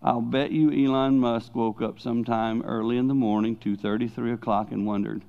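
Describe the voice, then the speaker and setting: Older male preacher, mid-pitched, emphatic and then hushed in turns, on a dull lo-fi recording. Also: moderate pace, creaky. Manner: animated preaching, swinging between loud emphasis and hushed asides. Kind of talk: sermon.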